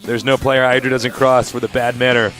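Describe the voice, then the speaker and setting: A man's voice: mid-range voice, little pitch movement, brisk, over music. A man casting a live esports match with playful jokes and play-by-play that speeds up in tense moments. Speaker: esports commentator. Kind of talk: live game commentary.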